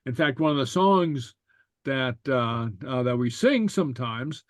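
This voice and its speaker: A man teaching a language class, explaining slowly and stopping often with fillers and repeated okays. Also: medium pitch, animated, no room sound. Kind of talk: relaxed online class explanation.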